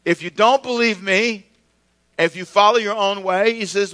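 High bright preaching man. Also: normal speed. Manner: conversational preaching with call-and-response. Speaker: pastor. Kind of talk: sermon.

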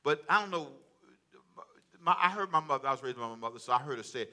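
A man preaching a sermon in an animated way, acting out quotes and chuckling as he goes. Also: medium pitch, fast. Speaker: pastor.

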